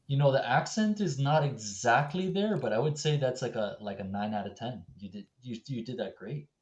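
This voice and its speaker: A man's voice: medium pitch, lively intonation, moderate pace, roomy sound. A man chatting casually as a guest on a game stream, playful and joking.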